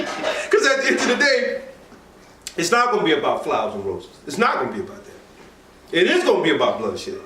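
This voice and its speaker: Animated man preaching in an echoey hall. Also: high-pitched, fairly quick, a little hiss or hum. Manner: animated, conversational preaching with asides and laughter. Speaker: religious teacher. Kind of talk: informal sermon class. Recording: echoey room from far off mic.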